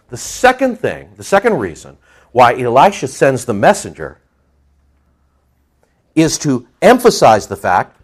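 A middle-aged male pastor preaching a folksy, animated sermon, joking with his congregation and acting out voices. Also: mid-range voice, a little slow, pauses often, slightly rough.

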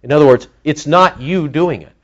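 A man's voice: a little high, moderate pace, dull audio. A man preaching a sermon, teaching with rhetorical questions to his congregation.

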